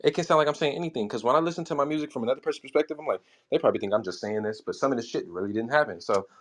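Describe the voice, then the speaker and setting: A man's voice: medium pitch, very fast. A young man, a rapper, telling loose, slangy, profane stories in a casual interview about writing his songs. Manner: loose, slangy, swears freely, recounts writing lyrics. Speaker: rapper guest.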